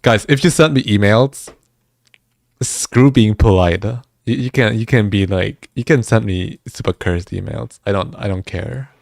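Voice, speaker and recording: Chatty low-voiced man streaming live. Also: measured pace, vocal fry, no room sound, clean studio sound. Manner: chatty, laughs often, stammers and restarts words. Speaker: music streamer. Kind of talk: casual livestream chat with viewers.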